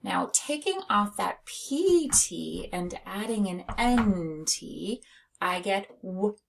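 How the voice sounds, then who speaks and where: Slow, lively-voiced woman phonics teacher. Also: medium pitch, slight background noise. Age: adult. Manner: slow, clearly sounding out letters and words. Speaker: reading teacher. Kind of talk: phonics lesson for young children.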